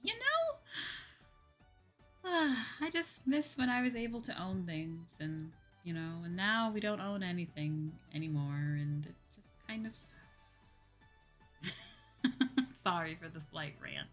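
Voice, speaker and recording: A woman streamer talks casually to her chat in a fairly low voice, rambling from one thought to the next and repeating phrases with plenty of fillers. Soft music plays faintly underneath. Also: animated, unhurried. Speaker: VTuber streamer.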